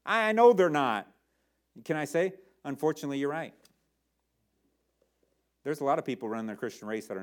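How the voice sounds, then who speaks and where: A man's voice: medium pitch, a little mellow. A male pastor preaching a sermon, emphatic and addressing the congregation with rhetorical questions.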